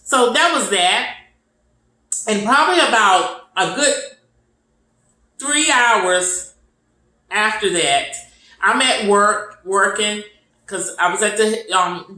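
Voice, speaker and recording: A woman's voice: mid-range voice, pushed and bright, roomy sound, poor audio. A woman casually telling a personal faith testimony, acting out the conversations she had. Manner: retells conversations in quoted voices, repetitive and earnest. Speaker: storyteller sharing a testimony.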